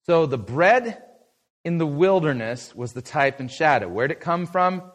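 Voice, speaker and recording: A middle-aged pastor teaches a Bible study, preaching a lively, conversational sermon lesson in which he asks his listeners questions and answers them himself. His voice is on the high side and unhurried.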